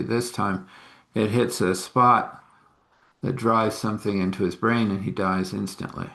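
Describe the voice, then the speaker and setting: Folksy male storyteller with a low voice. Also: creaky, a bit bright. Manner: folksy, chuckling asides. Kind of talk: casual spoken storytelling.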